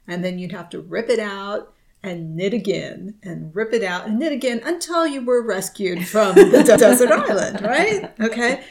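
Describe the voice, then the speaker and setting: Unhurried woman co-host, chatty and laughing. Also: on the low side. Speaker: podcast co-host. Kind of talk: casual chat.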